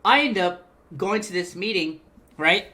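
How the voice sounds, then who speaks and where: A young man casually telling a story from his past, animated and profane, acting out other people's voices as he goes. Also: high voice, unhurried.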